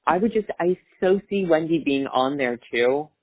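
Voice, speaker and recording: A man's voice: a little high, expressive, moderate pace, dry recording. A man hosting a podcast in casual chat, rambling and chatty with fillers, over a tinny phone-like line. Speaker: podcast host.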